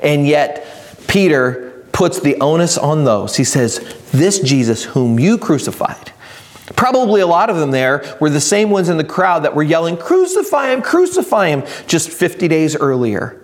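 A man preaching a sermon, reading scripture slowly and building to emphatic, raised delivery. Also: high-pitched. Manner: reads scripture slowly and deliberately. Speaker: pastor.

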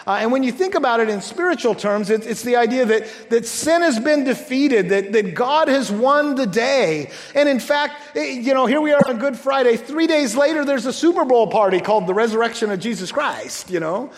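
A man preaching a sermon as pastor in a church, talking conversationally with halting restarts and joking asides. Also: extremely high pitch, animated, in a large hall.

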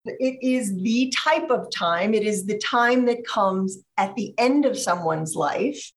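A woman author being interviewed on a podcast, speaking in a measured, thoughtful way and slowing down to stress ideas. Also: medium pitch.

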